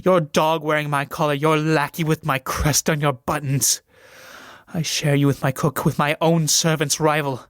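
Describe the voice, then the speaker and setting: A man's voice: on the high side, little pitch movement, normal speed, no echo, clean studio sound, close to an everyday voice. A man reading the part of a proud, desperate young noblewoman in a solo reading of a stage play, swinging from pleading to furious shrieks. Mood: bitter scornful.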